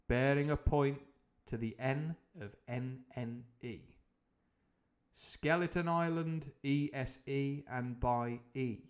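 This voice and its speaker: A man with a voice of ordinary, middling pitch reads a novel aloud to a live audience. He keeps breaking off for rambling, self-mocking tangents, padded out with ums and uhs, and then slips back into the text. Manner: rambling and jokey, full of tangents and fillers. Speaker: streamer reading a novel aloud. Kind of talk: live book reading with comic asides.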